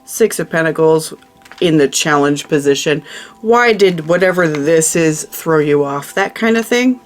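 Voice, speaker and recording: A woman's voice: sits low, animated, a little slow, faint music behind. A woman giving a casual tarot reading, chatty and emphatic, who often repeats her phrases. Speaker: tarot reader.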